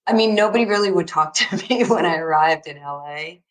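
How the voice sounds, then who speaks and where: A woman in her sixties telling lively stories as an interview guest, acting out what others said and laughing often. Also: lowish voice, brisk, few pauses, low-quality recording. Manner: animated storyteller, acts out quotes, laughs often. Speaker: interview guest, basketball coach. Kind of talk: casual storytelling interview.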